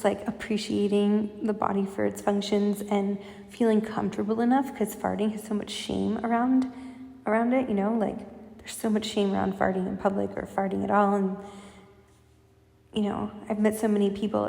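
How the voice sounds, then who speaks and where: A woman giving a casual intuitive spiritual reading, talking in a soft, meandering way with many fillers. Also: medium pitch, level tone, normal speed, vocal fry. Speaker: spiritual channel reader. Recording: echoey room with long reverb.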